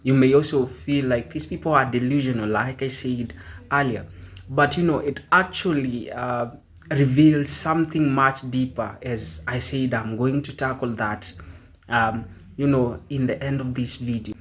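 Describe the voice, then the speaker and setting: A man hosting a commentary video, speaking measured with many fillers. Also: medium pitch, a bit bright. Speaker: channel host.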